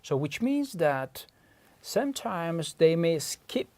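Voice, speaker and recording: Gravelly-voiced man with an Uzbek accent. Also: a little high, big pitch swings, takes it slowly, darkish tone, no echo. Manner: patient, methodical, stops often to clarify terms. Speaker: language researcher. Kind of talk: explanatory lecture.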